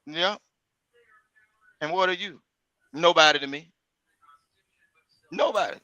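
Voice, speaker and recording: A man's voice: fairly high pitch, slow, sharp tone, no echo, lo-fi sound. A man with a Southern country accent, chatting on a live stream call in a drawling way, with folksy exclamations. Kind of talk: casual argumentative chat.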